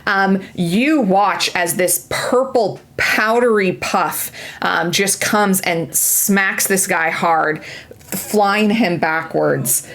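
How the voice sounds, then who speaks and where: A woman's voice: medium pitch, drawn-out words, a bit bright. A woman narrating as game master of a tabletop game, chatty and playful, with many fillers and restarts.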